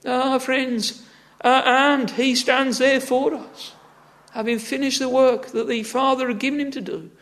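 A man's voice: extremely high pitch, level tone, a little slow, fairly bright tone. A man preaching a sermon in an earnest, exhorting manner, often breaking in with "ah, friends" and "oh".

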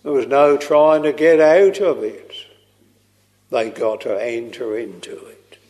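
A man preaching a slow, earnest sermon, tender and pleading as he quotes hymns. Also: medium pitch, a little mellow. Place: church. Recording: long reverb of a large hall.

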